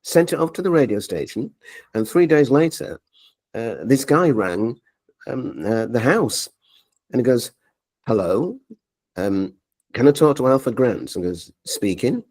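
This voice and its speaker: A man in his forties tells stories as an interview guest, his pitch leaping up and down as he acts out who said what. He talks with lively animation. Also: normal speed, breathy edge. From Leeds, England. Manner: animated storyteller, acts out quoted dialogue. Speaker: interview guest, media coach. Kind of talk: storytelling interview.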